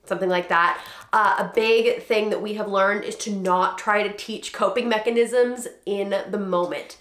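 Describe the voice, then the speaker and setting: A woman's voice: medium pitch, fairly bright tone. A woman in her thirties chatting casually to camera about parenting, with lots of "like" fillers and acted-out quotes. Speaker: parenting vlogger. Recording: roomy echo.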